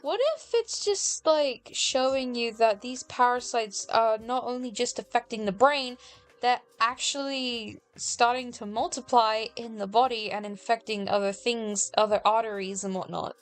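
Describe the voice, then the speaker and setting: British woman, high voice, playful and giggly guest co-host. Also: fairly even intonation, moderate pace, clean tone. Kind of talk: casual gaming lore chat.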